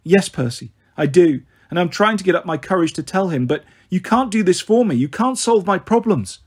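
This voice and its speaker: A man voicing a worried middle-aged mother who speaks softly and hesitantly, pleading in a raised, slightly husky voice. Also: high voice, animated, normal speed.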